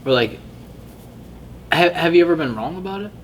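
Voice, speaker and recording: A man interviewing a guest in casual conversation, relaxed and quick with short reactions. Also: on the high side, recorded from a distance, slight background noise.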